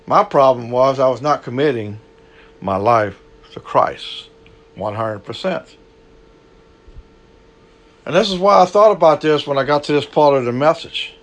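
A man preaching a sermon, swinging between loud, raised bursts and low, quiet asides. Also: a little slow, pauses often.

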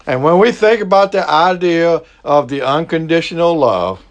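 A middle-aged man with a Southern Cajun accent, preaching a sermon in a slow, folksy way and stretching out his key words. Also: fairly high pitch, animated. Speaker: pastor.

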